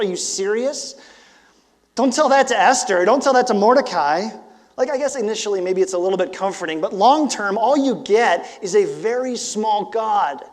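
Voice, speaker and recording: A man in his forties preaching a sermon as pastor, conversational and animated, with emphatic bursts. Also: high voice, long reverb tail. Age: 40s.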